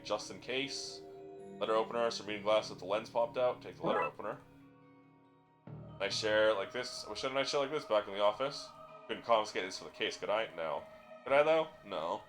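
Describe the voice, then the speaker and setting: A male streamer reading a game's lines aloud in a dry, plain way. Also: fairly low pitch. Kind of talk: reading game dialogue aloud.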